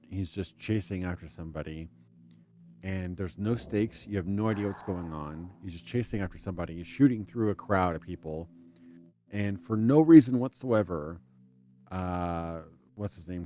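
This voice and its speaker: Low-voiced man ranting on a game stream. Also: darkish tone. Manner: rambling, chatty ranting with restarts; reads in-game text aloud. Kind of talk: casual live-stream commentary.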